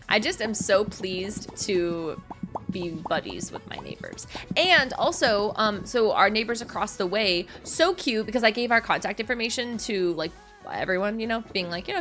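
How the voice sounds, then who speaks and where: A woman's voice: medium pitch, a bit bright. A young adult woman streaming a cozy game, chatting casually and telling a story with giggles and self-mocking asides. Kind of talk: casual chat while gaming on stream.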